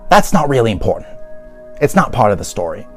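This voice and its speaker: A man's voice: medium pitch, big pitch swings, fairly quick, over loud music. A man giving casual review commentary in a sarcastic, exasperated manner. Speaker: video reviewer.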